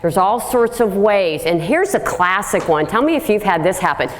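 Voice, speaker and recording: A woman's voice: medium pitch, normal speed, hardly any pauses, slight background noise. A woman giving a live talk to an audience, direct and plain-spoken, telling stories and acting out what people said. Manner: lively storytelling, acts out quotes. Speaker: workplace speaker.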